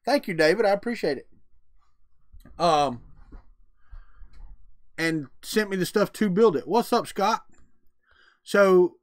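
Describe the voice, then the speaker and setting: A man's voice: high voice, slow, long pauses, no room sound, clean studio sound. A middle-aged man, chatting casually on a live stream and answering his chat in a folksy way. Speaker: livestream host.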